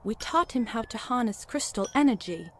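A woman voicing a formal, learned scholar in a video game, measured and polite. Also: fairly high pitch, lively intonation, a little hiss or hum, close to an everyday voice.

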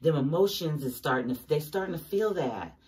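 A woman's voice: low voice, expressive, fairly quick, darkish tone, recorded from a distance. Profane, emphatic woman reading tarot. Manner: emphatic, swears often, talks straight to viewers. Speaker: tarot reader.

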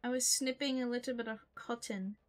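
A young woman streamer with a fairly high voice talks over her game in easy, casual chat. She jokes bluntly and playfully, tossing out teasing jabs at her opponents and friends. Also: fairly even intonation, a little fast. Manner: joking, blunt, playful trash talk.

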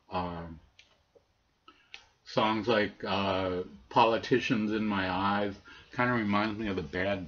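A man with a deep voice talks slowly through his vinyl finds, pausing often with ums and uhs. The audio sounds a bit dull and lo-fi, with faint noise behind him. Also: fairly bright tone. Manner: laid-back, hesitant, many ums and uhs. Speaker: record collector showing vinyl finds. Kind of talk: casual record review.

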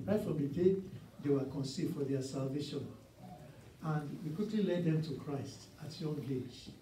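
Mellow sixties man preaching in a roomy church. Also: fairly high pitch, a little hiss or hum. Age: 60s. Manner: earnest storytelling with emphatic repeats. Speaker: guest preacher. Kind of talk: sermon. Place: church sanctuary. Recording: roomy church sound from a distance.

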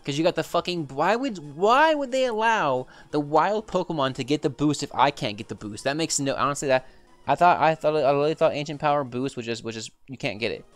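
A man's voice: fairly high pitch, expressive, fairly quick, soft background music. Exasperated young man ranting over gameplay. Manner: frustrated, swearing, repetitive exclamations. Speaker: gaming streamer. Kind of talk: reactive gameplay commentary.

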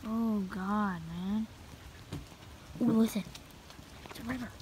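A woman's voice: medium pitch, steady tone, takes it slowly, darkish tone, rough recording. A jumpy woman walks a wooded trail and talks into the phone in her hand. Her voice sits in a middle register, and she swears often and mutters half under her breath. A faint hiss of outdoor noise runs behind her. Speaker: vlogger. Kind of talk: nervous solo walking vlog. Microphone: phone held in hand.

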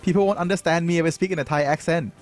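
A man hosting a game livestream, commentating as he plays, prone to excitable high-pitched outbursts and thinking aloud with many fillers. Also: rapid-fire, soft background music. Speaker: livestream host playing a game. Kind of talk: live gameplay commentary.

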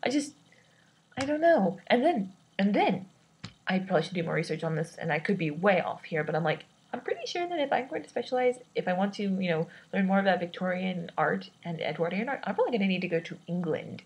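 A woman's voice: fairly low pitch, expressive, quick pace, darkish tone, breathy edge, poor audio. A woman in her twenties talking through her worries in a rambling personal vlog, hesitant and self-doubting, with many restarts. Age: 20s. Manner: self-described awkward and introverted. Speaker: vlogger.

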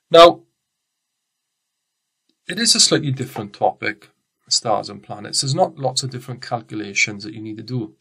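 A man's voice: medium pitch, a bit bright. A man with a Welsh accent, a teacher giving a recorded science lesson in a chatty, rambling way and often restarting his sentences. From Wales. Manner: chatty, rambling, self-correcting.

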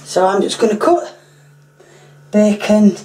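A hoarse woman who is losing her voice talks casually through a home cooking demonstration. She often clears her throat and apologises. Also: medium pitch, expressive, slow, warm tone, soft background music.

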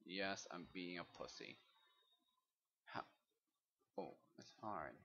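Brief: male Let's Play commentator, slow delivery, swears and blows up at the game, dull lo-fi recording. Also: deep voice. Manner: swears often, bursts into loud frustrated outbursts. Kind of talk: casual gameplay commentary.

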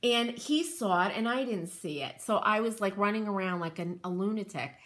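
This craft channel host talks at normal speed in an animated, medium-pitched voice with a fairly bright tone. She chats casually in show-and-tell style, enthusiastically gushing and wandering into asides.

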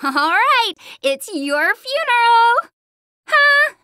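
A woman voicing a spunky, cocky young girl fighter in video game voice lines, brash and boastful with yelled battle cries, recorded close in a studio. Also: sing-song, drawn-out words, no room sound, exaggerated voice. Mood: cocky teasing. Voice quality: high bright girlish voice. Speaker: voice actor. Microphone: close studio mic.

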